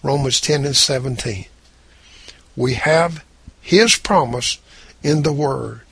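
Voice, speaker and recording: A man preaching with a gravelly, husky voice and emphatic delivery. He reads scripture slowly, then drives his points home. The sound is dry and close, with no room around it. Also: mid-range voice, a bit bright, dry recording. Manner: emphatic preaching, reading scripture in King James wording. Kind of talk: sermon.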